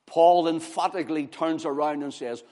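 A man preaching an impassioned sermon, swinging from loud exclamations to hushed words. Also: on the high side, steady tone, normal speed.

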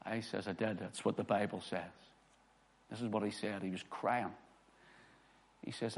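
A man's voice: fairly low pitch, steady tone, moderate pace, long pauses, slightly rough. A man preaching a sermon as pastor, reading scripture with emphasis and telling personal stories. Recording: long hall reverb.

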